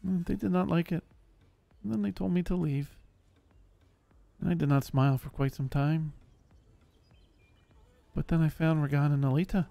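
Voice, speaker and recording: A man voicing a gentle, simple-minded male barbarian warrior who talks slowly and formally, never using contractions, in a live game roleplay. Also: on the high side, steady tone, gravelly, dry recording, voice pushed down. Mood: earnest. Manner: speaks without contractions, childlike and earnest. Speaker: streamer.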